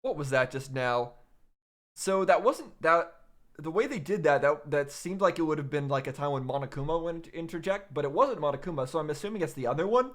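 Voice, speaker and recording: A gaming video host with a somewhat high, expressive voice talks fairly quickly through his first blind playthrough of a story game. He thinks aloud and restarts sentences while working things out.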